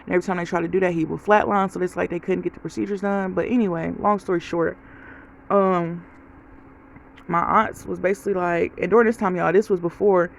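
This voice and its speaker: A woman's voice: fairly low pitch, fairly even intonation, brisk, vocal fry, slight background noise, poor audio. A woman vlogger giving a casual life update, telling stories straight to her viewers. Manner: chatty storytelling, talks straight to viewers.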